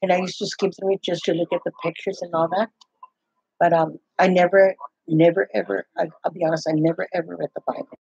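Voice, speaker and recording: Older woman, husky, chatty rambler, dry lo-fi recording. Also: fairly low pitch, little pitch movement, a little fast, darkish tone, no echo. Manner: rambling, full of restarts and "I go". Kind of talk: casual chat. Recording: dull, muffled, lo-fi sound.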